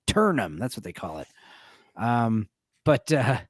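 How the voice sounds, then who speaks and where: A man's voice: medium pitch, sing-song, unhurried, no echo, studio quality. A man hosting a casual movie discussion stream, rambling and laughing often as he retells scenes. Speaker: stream host.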